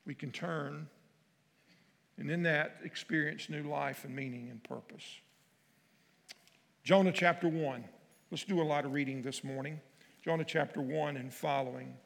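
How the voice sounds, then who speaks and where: Gravelly bright-voiced preacher in a hall. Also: male voice, on the high side. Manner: emphatic preaching, voice swelling on key phrases. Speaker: pastor. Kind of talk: sermon with scripture reading.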